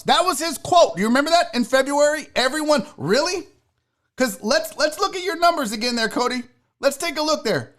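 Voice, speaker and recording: A man hosting a solo sports talk show, ranting loudly and mockingly with lots of swearing. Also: very high voice, lively intonation, a little fast. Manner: loud, mocking, profane ranting.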